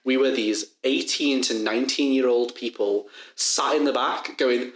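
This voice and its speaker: A young man in his twenties with a Liverpool accent, co-hosting a podcast and telling a story in an animated, laughing, swearing way. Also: medium pitch, unhurried, echoey room, rough recording. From Liverpool, England. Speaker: podcast co-host. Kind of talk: casual storytelling chat.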